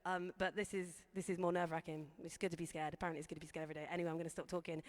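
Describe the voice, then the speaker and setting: A woman's voice: lowish voice, racing, few pauses, a bit bright. Nervous rambling woman in a reverberant venue. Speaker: band member. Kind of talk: casual stage talk to a streamed audience.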